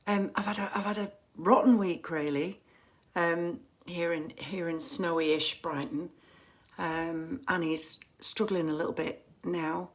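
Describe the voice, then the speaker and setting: A woman's voice: on the low side, steady tone, measured pace. A woman hosting a casual fan livestream from home on her phone camera, chatty and rambling with lots of ums and restarts.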